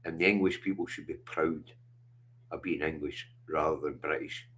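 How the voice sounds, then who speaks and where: A man's voice: rumbling low, fairly even intonation, normal speed, fairly bright tone, slight background noise. A middle-aged Scottish man hosting a livestream, talking bluntly and passionately with lots of swearing. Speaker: livestream host. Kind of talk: casual chat.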